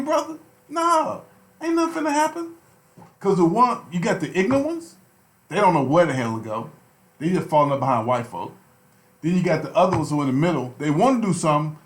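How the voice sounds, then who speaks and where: A man's voice: high voice, roomy sound. A man co-hosting a heated talk radio discussion, impassioned and preachy, repeating phrases for emphasis. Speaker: radio show co-host.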